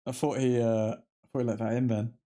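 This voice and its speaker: A man's voice: medium pitch, flat delivery, a little fast, mellow. Man, fan commentary over a live match, chatty, talks straight to viewers, mid-range voice. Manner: chatty, reacting to play as it happens, talking to viewers. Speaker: host of a live football watchalong.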